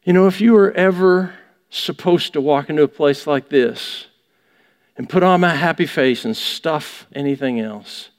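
A man's voice: fairly high pitch, unhurried, long reverb tail. A man preaching a sermon in a church, pressing his points with rhetorical questions. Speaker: pastor. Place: church sanctuary.

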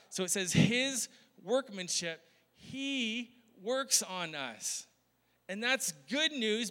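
A man's voice: extremely high pitch, pushed and bright. A male pastor preaching a conversational sermon, often laughing and asking the crowd questions. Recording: long hall reverb.

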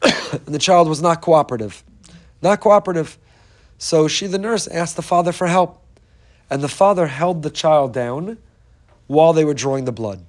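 A man with a fairly high voice delivering an inspirational Torah talk. He speaks earnestly and with emphasis, circling back to repeat key phrases as he tells a story. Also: moderate pace, pauses often. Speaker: Torah teacher.

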